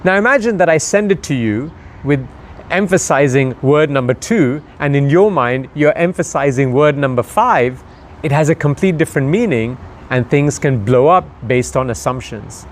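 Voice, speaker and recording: A man's voice: a little high, expressive, moderate pace, slight background noise. A man giving a motivational talk, conversational and full of rhetorical questions to the listener. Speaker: motivational speaker.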